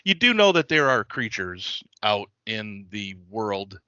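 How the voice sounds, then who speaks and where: A man narrating a tabletop game as its game master, with a bright, forceful voice. He rambles, pauses on fillers and laughs between thoughts. The sound is dry and a bit dull. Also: lowish voice, very animated, no echo.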